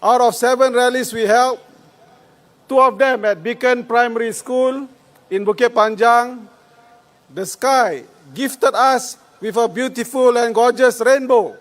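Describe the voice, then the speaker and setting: A man's voice: extremely high pitch, steady tone, a bit bright. A man with a Singaporean accent, an election candidate giving a rousing, declamatory rally speech outdoors into a handheld microphone over a PA system. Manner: rousing, declamatory, slow deliberate phrasing.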